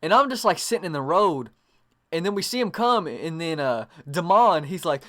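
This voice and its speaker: Young man, rambling storytime, constant swearing, lots of fillers, slightly high voice. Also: big pitch swings, normal speed, fairly bright tone. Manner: profane, rambling, full of fillers. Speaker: vlogger.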